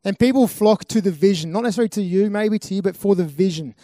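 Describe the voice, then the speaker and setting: A man's voice: sits high, fast, warm tone. A man giving a live motivational talk to a festival audience, earnest and repeating phrases for emphasis. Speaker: speaker at a youth festival. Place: live event venue with an audience.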